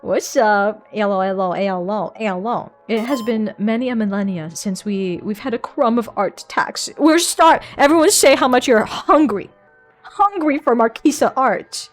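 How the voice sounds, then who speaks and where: A young woman VTuber chatting live with her viewers, excitable, swearing and laughing often, into a desk mic at home. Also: a little high, a little slow, soft background music. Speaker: VTuber streamer. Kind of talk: casual live-stream chat. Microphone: desk microphone.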